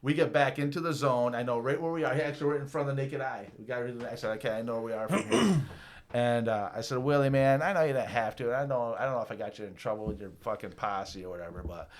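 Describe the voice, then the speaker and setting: A man's voice: medium pitch, quick pace. A man in his fifties telling a long, profane story on a podcast, laughing often and acting out the people in it. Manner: profane, laughing, acts out quoted voices. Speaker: guest storyteller. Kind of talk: casual storytelling.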